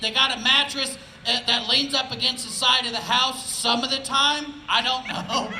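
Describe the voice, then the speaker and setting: A man's voice: very high-pitched, creaky, sharp tone, roomy sound, a little hiss or hum, low-quality recording. A man from Indianapolis doing laid-back, conversational stand-up on an outdoor festival stage, often asking "right?". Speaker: stand-up comedian. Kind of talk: live stand-up comedy.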